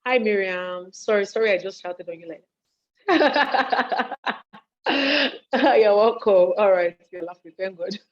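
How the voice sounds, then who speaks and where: A Nigerian woman speaking on leadership and volunteering holds a lively, conversational live session online for a chat audience from her home study, voicing what people say and often checking that listeners are with her. She talks fairly low and a little fast with few pauses, hungry and yawning throughout. It's recorded over a video call with dull, lo-fi sound.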